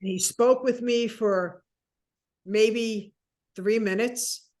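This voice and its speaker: Animated woman in her sixties telling a story. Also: fairly high pitch, slow. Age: 60s. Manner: animated storyteller acting out dialogue. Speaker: interview guest. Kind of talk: personal storytelling.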